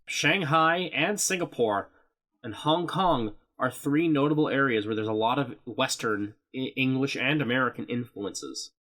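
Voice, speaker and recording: A man's voice: mid-range voice, a little slow, pushed and bright. A man co-hosting a casual podcast chat, rambling through explanations and swearing now and then. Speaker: podcast co-host.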